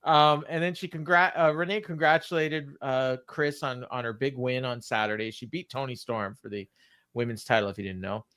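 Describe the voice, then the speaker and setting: A man's voice: mid-range voice, fairly even intonation, normal speed, sharp tone, smooth. A man co-hosting a wrestling podcast, recapping the show in blunt, exasperated casual chat. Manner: blunt, exasperated, reads segments aloud with impressions. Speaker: podcast co-host.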